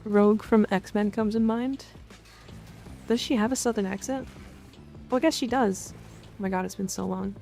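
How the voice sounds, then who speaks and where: Gravelly-voiced woman streamer from Canada. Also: mid-range voice, steady tone, moderate pace, long pauses, mellow, soft background music. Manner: frank, profane, joking. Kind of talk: casual chat reading and answering chat.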